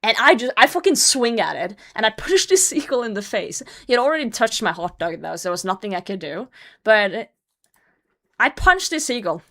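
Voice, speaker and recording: A young adult woman chats casually with her livestream audience, telling a rambling story. She swears freely and gets animated, then drops into low mumbles at the ends of her thoughts. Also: moderate pace. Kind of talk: casual storytelling to stream chat.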